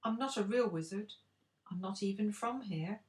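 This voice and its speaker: An older woman voicing a timid little old man who pretends to be a wizard, croaky and sheepish, in a storybook reading. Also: medium pitch, moderate pace, reverberant, pitched above the performer's own voice, natural voice. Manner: sheepish, fumbling.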